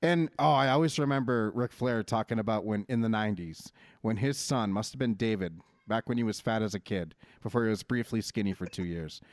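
A man's voice: fairly low pitch, a little fast, no room sound, clean studio sound. A man co-hosting a casual chat, brash and teasing, with lots of swearing. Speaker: podcast co-host.

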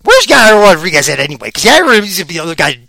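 A man talks through his fight picks in a loose, rambling, excitable way, repeating lines for emphasis. His voice sits high and sounds bright and forceful. He is a little out of breath, and the sound is dry. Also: very fast, creaky, no room sound. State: slightly out of breath. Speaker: podcast host. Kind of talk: casual fight-pick commentary.

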